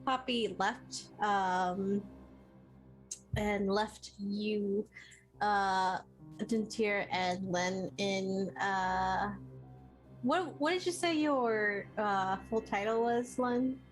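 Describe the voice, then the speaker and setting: A woman narrating as dungeon master in a tabletop game, hesitant with many pauses. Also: medium pitch, soft background music, low-quality recording.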